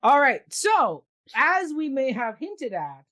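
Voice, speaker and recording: A woman's voice: high voice, sing-song, slow pace, fairly bright tone. A woman hosting a casual arts talk show, introducing guests with enthusiasm. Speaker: host. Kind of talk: casual chat.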